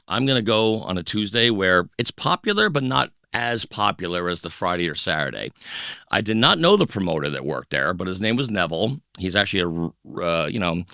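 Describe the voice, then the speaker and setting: Middle-aged guy telling club stories, pitch all over the place, dry close mic. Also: clean tone, no room sound. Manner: animated, acts out voices of people in his stories. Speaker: podcast guest, DJ. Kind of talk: casual storytelling interview.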